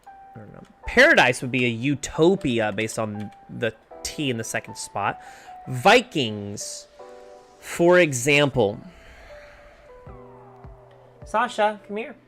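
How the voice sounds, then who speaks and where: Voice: medium pitch, expressive, slow pace, fairly bright tone, faint music behind. A livestreamer thinking aloud while working through word clues in a puzzle game, often trailing off unsure. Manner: muses over word clues, trails off with "I don't know".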